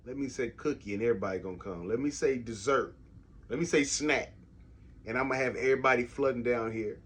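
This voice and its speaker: A middle-aged man hosting a casual faith podcast from his home basement, speaking in a reflective, halting way with frequent restarts. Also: medium pitch, a bit bright, husky. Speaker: podcast host.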